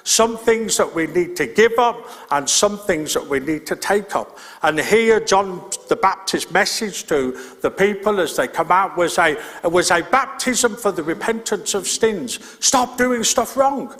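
High-voiced man preaching in a reverberant hall. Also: lively intonation, measured pace, hardly any pauses, fairly bright tone. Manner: earnest, plain-spoken, repeats key points. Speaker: pastor. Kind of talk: sermon. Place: church.

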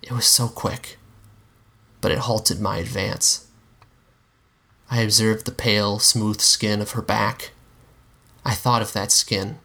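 A man giving a measured, dramatic reading of a dark fan fiction story. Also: on the low side. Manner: measured, dramatic narration with acted dialogue. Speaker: story reader.

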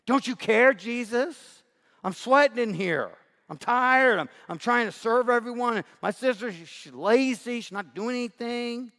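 Man playing a frazzled complaining hostess: shrill, loud, put-upon, in a reverberant hall. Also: measured pace, exaggerated voice. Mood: irritated. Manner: complaining, rising pitch. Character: exasperated overworked woman host, whiny.

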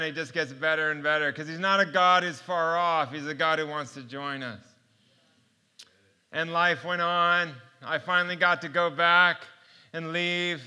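Bright, high-voiced man telling his story. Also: smooth. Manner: storytelling, laughing often, earnest. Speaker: speaker sharing his testimony. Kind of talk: personal faith testimony.

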